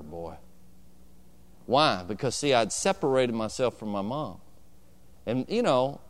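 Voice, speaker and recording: A man's voice: mid-range voice, smooth. Resonant-voiced man preaching a sermon. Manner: storytelling, calling out to the congregation for agreement. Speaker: pastor.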